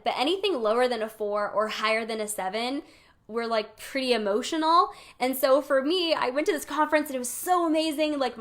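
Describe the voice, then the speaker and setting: A woman's voice: fairly high pitch, fairly bright tone. A woman hosting a live weekly card pull, chatting and coaching her viewers in a bubbly, encouraging way and laughing often. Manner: encouraging, speaks directly to viewers. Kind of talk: live-streamed casual spiritual coaching.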